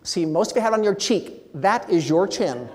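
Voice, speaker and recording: A man giving a keynote speech at a meeting, with lively, shifting inflection. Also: sits high, moderate pace, noisy background. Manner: animated, expressive inflection. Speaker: motivational speaker. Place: large meeting hall. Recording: long hall reverb.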